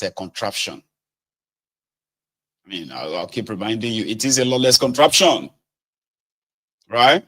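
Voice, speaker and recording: A middle-aged man, hosting casual political commentary with sardonic, animated delivery. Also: medium pitch. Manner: animated, sardonic, swinging between mutters and outbursts.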